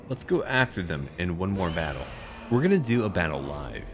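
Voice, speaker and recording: Mocking his foes in a roleplay strategy campaign, a man offers boastful, playful commentary for his YouTube gaming channel. He talks fairly quickly in a low, sing-song voice over music.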